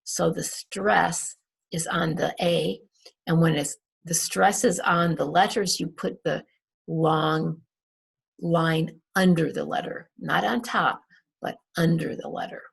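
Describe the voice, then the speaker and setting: Slow, gravelly-voiced woman teacher. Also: sits low, steady tone. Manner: repeats words to model stress, patient. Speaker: English teacher. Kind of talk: recorded class recap, slow and deliberate.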